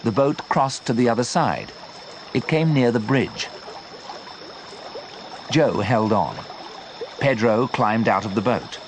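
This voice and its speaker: Man, slow clear narration, lively pitch, simple storybook reading for learners. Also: slight background noise.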